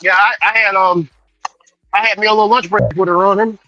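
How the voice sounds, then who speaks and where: A man's voice: sits high, fairly even intonation, brisk, sharp tone, highs cut off, slight background noise. A man chatting casually, telling rambling stories full of fillers and restarts. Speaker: delivery driver and show regular. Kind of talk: casual chat. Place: small island town.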